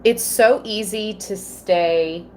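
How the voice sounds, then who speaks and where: A woman giving a live tarot reading, slow and earnest, at times emotional. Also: medium pitch, a little hiss or hum. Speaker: tarot reader.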